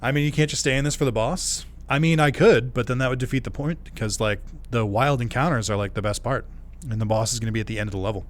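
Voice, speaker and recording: A man's voice: mid-range voice, fast, slight background noise. A man giving casual, rambling gameplay stream commentary, laughing often and swearing casually. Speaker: game streamer.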